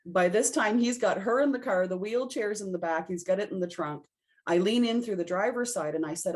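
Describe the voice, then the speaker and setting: Talking a little fast in a mid-range voice, a woman who works as an intuitive reader guests on a podcast. She tells a personal story conversationally, acting out her reactions as she goes.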